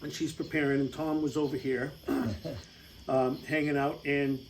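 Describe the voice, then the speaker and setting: A man's voice: mid-range voice, little pitch movement, a little slow, slight background noise, poor audio. A middle-aged American man telling a rambling, casual travel story over slides, with lots of fillers and laughs. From United States.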